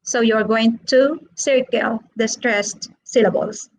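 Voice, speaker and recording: A female teacher walks through a lesson at an unhurried pace, speaking a little above the usual pitch for a woman. She sounds patient, saying each word again so listeners can echo it back. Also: fairly even intonation, gravelly, slight background noise. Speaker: English teacher. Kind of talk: slow classroom explanation with repetition drills.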